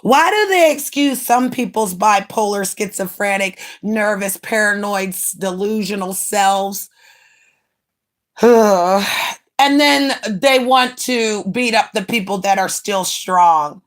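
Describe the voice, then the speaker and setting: A woman streamer in a brash, profane rant, mocking rivals and swinging between loud jabs and low mutters. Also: takes it slowly. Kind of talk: ranting livestream monologue.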